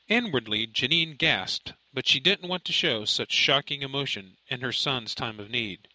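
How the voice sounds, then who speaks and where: A man narrating an audiobook in a steady, measured storytelling voice. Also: mid-range voice, no room sound, poor audio. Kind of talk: scripted narration.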